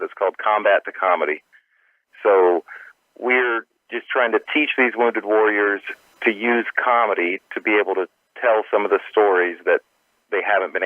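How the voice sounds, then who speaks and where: A man's voice: deep voice, no room sound. A male comedian calling in by phone, slightly out of breath, speaking earnestly and from the heart. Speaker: comedian guest. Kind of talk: phone interview. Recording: tinny phone line.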